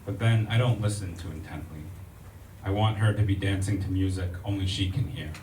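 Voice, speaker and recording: A low-pitched American man reads poetry in a measured, rhythmic cadence, pausing for casual asides to his audience. He sounds distant from the microphone in an echoey library room, with a faint hum of ambient noise behind him. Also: fairly even intonation, darkish tone. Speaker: poet. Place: public library event room.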